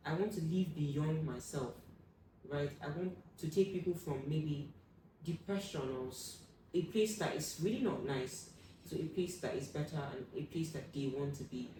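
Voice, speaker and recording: A young adult woman telling a personal story as an interview guest, acting out what people said with sudden loud high bursts. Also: normal speed, distant mic. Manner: animated, acts out quoted voices with sudden loud high bursts. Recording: echoey room, voice from off the mic, faint room hum.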